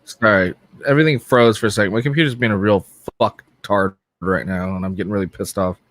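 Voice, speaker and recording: Male co-host, lowish voice, blunt and swearing, dry mic. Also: brisk, a bit bright, no echo. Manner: candid, swears freely. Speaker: podcast co-host. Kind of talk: casual chat.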